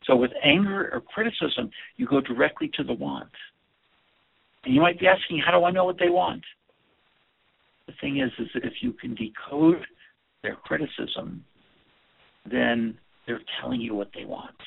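Speaking in a higher-than-average voice with a creaky, breathy edge, a man teaches earnestly about communication. He repeats words frequently to drive his points home, and the recording has a tinny, phone-like quality.

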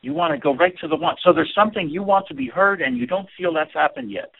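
Gravelly man teaching over tinny audio. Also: fairly high pitch, sing-song, fast talker. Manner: earnest, repeats words when stressing points. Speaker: communication teacher. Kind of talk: instructional talk.

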